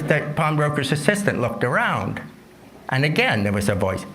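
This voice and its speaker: A man telling a folk tale at an unhurried pace during a dharma talk at a retreat center. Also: medium pitch, big pitch swings, a bit bright, a little hiss or hum. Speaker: yoga and dharma teacher.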